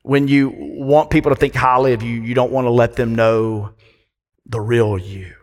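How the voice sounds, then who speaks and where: Man, pastor, conversational sermon, questions to the congregation, mid pitch, long hall reverb. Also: steady tone, moderate pace, a little mellow.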